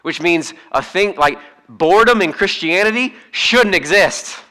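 A man preaching a casual, conversational sermon as pastor, animated, with frequent fillers and restarts. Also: sits high, unhurried.

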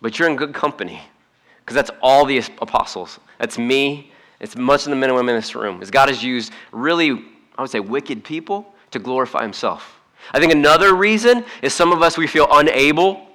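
Bright-voiced man preaching a casual sermon. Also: a little high. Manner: conversational, animated, acts out quoted voices. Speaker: pastor. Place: church hall.

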